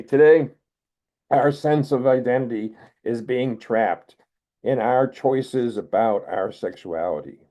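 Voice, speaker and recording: An older man from the United States, giving a wry, measured poetry reading as a poet. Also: medium pitch. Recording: narrow phone-like video call audio.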